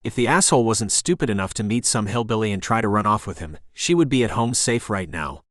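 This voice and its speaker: A man's voice: fairly low pitch, animated, fast talker, fairly bright tone, no room sound. A man narrating a romance audiobook in the first person, with an intense, dramatic delivery on a studio microphone.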